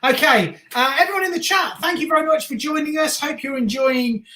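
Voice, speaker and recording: A man's voice: very high voice, expressive, fairly quick, sharp tone. A man with a Birmingham accent chats casually through a football watch-along stream. He reads viewer messages and answers them as he goes. His voice carries a roomy echo. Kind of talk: casual live-stream chat.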